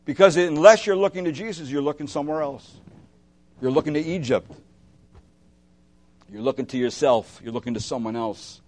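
Pastor, male, sermon; slightly high voice, impassioned, swings loud to hushed, questions the listeners. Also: moderate pace, long pauses. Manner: asks the listeners direct questions.

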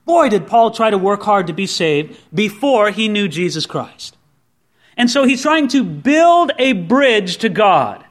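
A man preaching a sermon as pastor, telling the story with lively acted-out voices and asking the listeners direct questions. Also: sits high, a little slow.

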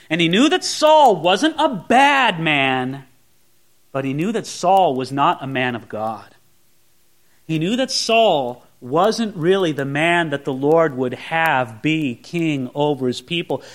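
A male pastor preaching a sermon in an animated way, acting out scenes with shifting voices. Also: fairly high pitch.

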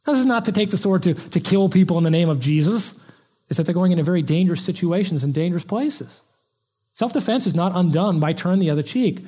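A man preaching an expository sermon from the pulpit, in a conversational and animated way, acting out the lines he quotes. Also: high-pitched, slightly rough. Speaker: pastor. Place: church pulpit.

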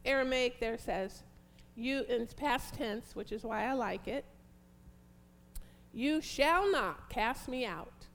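A woman preaching a fervent, prayerful sermon, reading scripture slowly and emphatically. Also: on the high side, creaky, a bit bright.

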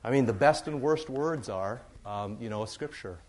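A pastor speaking to his congregation in an easygoing, conversational sermon. His voice sits at an ordinary middle pitch for a man. He circles back on key words, saying them two or three times to drive a point home. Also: moderate pace. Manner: conversational, repeats phrases for emphasis.

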